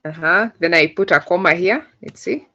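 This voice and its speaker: Over dull, lo-fi video call audio, a woman from Uganda leads a coding class, explaining each step patiently and filling gaps with many fillers. Her pitch is fairly low, her speed normal, and her delivery pushed and bright.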